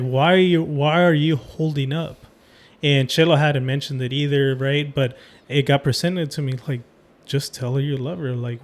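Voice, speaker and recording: A man hosting a podcast, telling a personal story in a rambling casual way with many fillers. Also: a little high. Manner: rambling, full of "um" and "like". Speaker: podcast host.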